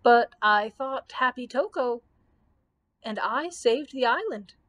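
A woman's voice: a little high, animated, slow pace, fairly bright tone. The Scarecrow, as a woman reads him. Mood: cheerful. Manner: exclaiming, indignant. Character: fussy, squeamish male scarecrow made of straw.

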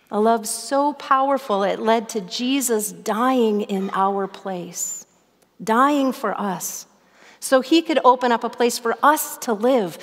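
A middle-aged woman from northern Minnesota preaching a sermon as pastor, telling stories in an earnest, animated way. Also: a little high, big-room sound. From northern Minnesota, USA.

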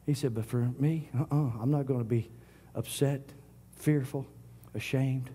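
A middle-aged man preaching a sermon, swinging from loud declarations to hushed whispers. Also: medium pitch, fairly even intonation, unhurried, hardly any pauses, a little hiss or hum. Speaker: pastor.

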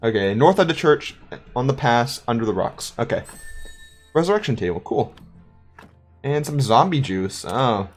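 A woman's voice: extremely low pitch, very animated, moderate pace, long pauses, soft background music. A woman giving casual let's-play commentary with chatty, playful asides. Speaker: gaming YouTuber.

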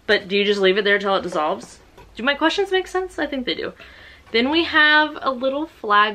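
A young woman from the United States chatting casually in a book vlog, excitable and self-mocking. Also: medium pitch. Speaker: book vlogger.

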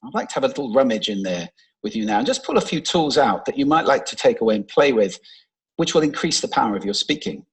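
A man giving a public talk on stage, expressive and playful. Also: medium pitch, fast talker, slightly rough, low-quality recording. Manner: expressive, playful, demonstrates voice techniques. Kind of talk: public talk with vocal demonstrations. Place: large stage before an audience. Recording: played from a talk recording.

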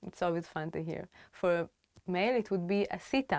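A woman presenting a language lesson, drilling phrases briskly and giving their translations. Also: on the low side, a little mellow, no room sound, studio quality.

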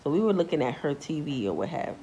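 Talking fast on a lo-fi recording with a little hiss or hum, a young woman spins a casual storytime tale in slangy speech full of repeated filler phrases. She animatedly acts out quoted people in a high pitch.

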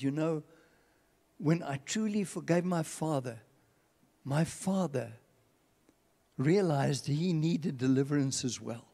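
A man's voice: medium pitch, dark tone. A man with a South African accent preaching a sermon, telling stories and acting out the voices of the people in them. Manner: storytelling, acts out quoted voices. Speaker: pastor. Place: large church hall. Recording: long church hall reverb.

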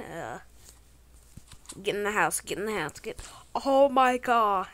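A woman giving excitable, slangy commentary over her own gameplay, bursting into exclamations. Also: mid-range voice, slow. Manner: playful trolling banter, slangy. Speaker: gaming channel host.

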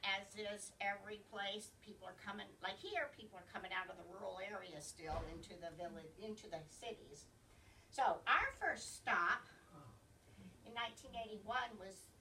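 Southern woman, library travel talk, bright lively delivery, recorded from a distance with faint hiss. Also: medium pitch. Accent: Southern American. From American South. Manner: chatty, digressive, often loses her place. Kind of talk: informal slide presentation. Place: library meeting room.

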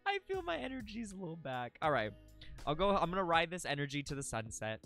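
Goofy, giggly live streamer with a bright, lively voice over faint background music. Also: medium pitch, fairly quick. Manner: giggly and goofy, repeating silly words. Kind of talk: casual live-stream chat.

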